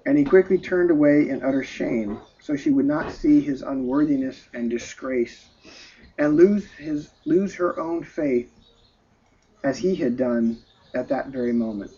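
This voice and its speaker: Man reading a storybook aloud, emotive and sighing, husky voice, dull lo-fi recording. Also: mid-range voice, measured pace, warm tone. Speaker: story reader. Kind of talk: storybook narration.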